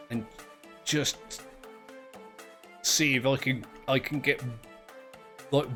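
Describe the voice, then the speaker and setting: A man's voice: medium pitch, fairly bright tone. A man, commentating his own game play in a rambling, self-mocking, easily amused way. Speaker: gameplay commentator.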